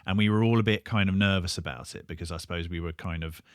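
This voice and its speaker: A man's voice: sits low, fast talker, dry recording, studio quality. A man, a band member reflecting thoughtfully with frequent ums on a podcast.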